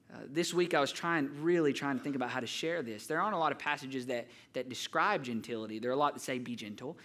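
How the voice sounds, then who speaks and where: A young male pastor delivering a sermon in a church, with a voice pitched a little higher than most men's. He tells his story earnestly and often restarts a phrase, building in energy before falling back to a softer tone. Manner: earnest storytelling with many restarts, builds up then drops soft.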